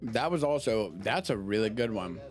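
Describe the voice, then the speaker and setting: A man's voice: on the low side, lively intonation, normal speed, soft background music. Rambling man hosting a casual show. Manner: loose and rambling, swears casually. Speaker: show host. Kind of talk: casual chat, tasting food. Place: home studio during a live stream.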